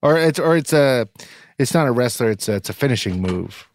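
Deadpan man with quiet quips. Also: medium pitch, fairly quick, no echo. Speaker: podcast co-host. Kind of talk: casual chat.

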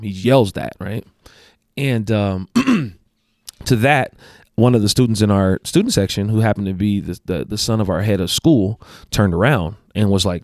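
Man, low voice, dry close sound, rambling storyteller, coach. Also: moderate pace, darkish tone, dry recording. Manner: rambling, restarts and self-corrections. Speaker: guest, basketball coach and athletic director. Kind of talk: casual storytelling.

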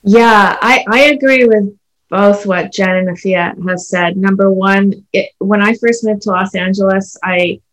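A woman's voice: mid-range voice, fairly even intonation, unhurried, roomy sound. A woman from Canada in her thirties, a panelist telling her story in an earnest, conversational way with many "like" and "you know" fillers. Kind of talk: casual panel discussion.

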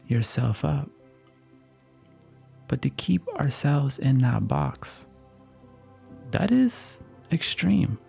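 A man's voice: mid-range voice, vocal fry, mellow, slightly rough. A man giving an earnest motivational talk, often checking in with "you understand?", with faint music behind him. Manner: earnest, repetitive, slow-paced, asks "you understand?".

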